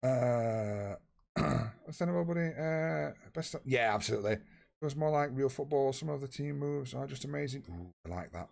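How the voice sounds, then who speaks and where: A young man with a husky voice, chatting casually and swearing freely with his viewers while he plays a football management game. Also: medium pitch, normal speed, darkish tone. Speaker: streamer. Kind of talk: casual live-stream chat.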